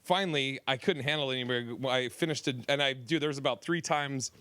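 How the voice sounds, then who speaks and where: A man's voice: mid-range voice, a little fast, pushed and bright, smooth, no echo. A man hosting a comedy podcast, telling a club story in a rambling, profane way with many restarts. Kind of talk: casual storytelling chat.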